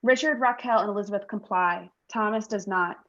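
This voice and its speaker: A woman reading stage directions aloud in a play reading, tense and measured. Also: mid-range voice, fairly bright tone, lo-fi sound.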